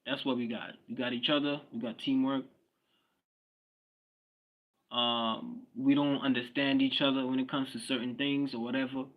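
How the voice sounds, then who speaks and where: A man's voice: medium pitch, flat delivery, normal speed, pauses often. A young South African man, a Swati speaker, chatting casually on a livestream, blunt and slangy, often repeating his words and answering viewers' comments. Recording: dull lo-fi stream audio.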